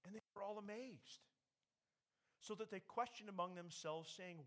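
A man's voice: high-pitched, normal speed, a bit bright. A man preaching a sermon, emphatic, raising his voice when he quotes scripture. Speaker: pastor.

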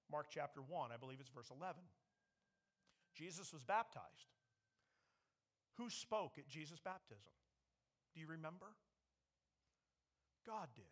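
A man's voice: on the high side, fairly bright tone. A man preaching a sermon, emphatic, raising his voice when he quotes scripture. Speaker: pastor.

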